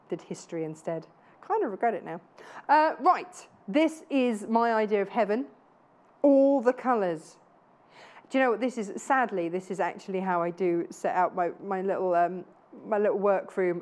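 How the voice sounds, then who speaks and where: A woman in her thirties hosts a live studio sales show. Her voice sits a little high, and she gushes with chatty, self-deprecating asides. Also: normal speed. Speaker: shopping channel presenter.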